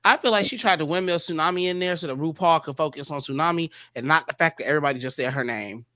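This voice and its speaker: A man hosting a casual panel chat, animated and quick to act out other people's lines. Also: on the high side, no room sound. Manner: animated, quotes people in exaggerated voices. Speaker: panel host.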